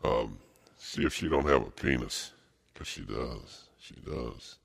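A man with a very deep, gravelly voice preaches at a slow, dragging pace. He circles back on his own phrases, repeating them and stumbling through fillers and restarts as he rambles through his sermon. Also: expressive. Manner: repetitive, halting, with many fillers and restarts.

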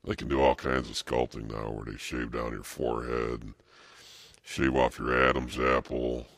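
A man preaching a rambling sermon, halting and repetitive, with many fillers and restarts. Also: very deep voice, little pitch movement, vocal fry, a bit bright.

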